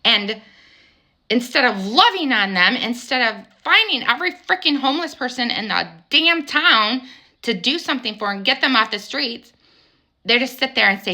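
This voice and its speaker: A woman's voice: on the high side, lively intonation, moderate pace, bright, forceful tone. A woman delivering an angry, emphatic spiritual monologue, firing rhetorical questions and swearing casually. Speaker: spiritual vlogger.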